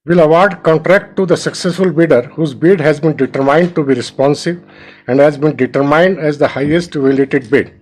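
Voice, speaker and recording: A man's voice: a little high, fairly quick, darkish tone, low-quality recording. A man with an Indian English accent arguing a case in court as an advocate. He reads legal clauses aloud, addresses the bench with deference, and sometimes halts and restarts words. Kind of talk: formal courtroom argument.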